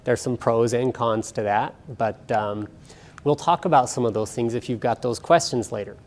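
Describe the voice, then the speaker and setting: A man's voice: mid-range voice, moderate pace, darkish tone. A middle-aged man giving a casual, jokey talk on nutrition to a small audience in an event room. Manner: chatty, jokey, self-deprecating. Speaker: guest speaker on nutrition.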